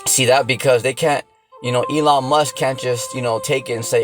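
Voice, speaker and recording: A man's voice: medium pitch, normal speed, faint music behind, poor audio. A man preaching off the cuff in a blunt, profane rant. He keeps asking the listener "see that?" and "you know?". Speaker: religious teacher.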